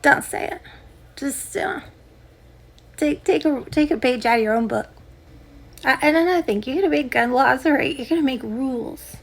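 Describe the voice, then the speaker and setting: A woman's voice: high voice, moderate pace, long pauses. A young woman hosting a podcast, delivering a sarcastic, combative comedic rant straight at her listeners. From United States. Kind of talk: ranting comedic monologue.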